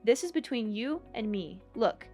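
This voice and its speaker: An actress voicing a hurt young wife in an animated story voice-over, indignant and defiant. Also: female voice, on the high side, moderate pace, faint music behind, natural voice. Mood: warning. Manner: indignant, pleading.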